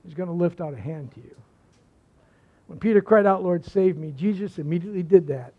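A high-voiced pastor preaches briskly and emphatically, hammering key phrases before sinking nearly to a murmur for hushed lines. The recording is dull and lo-fi, its top end muffled.

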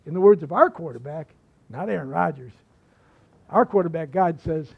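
A man's voice: on the high side, expressive, moderate pace, vocal fry, husky. A male pastor preaching a sermon, telling stories in a folksy way with repeated phrases and asides. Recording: slightly muffled recording.

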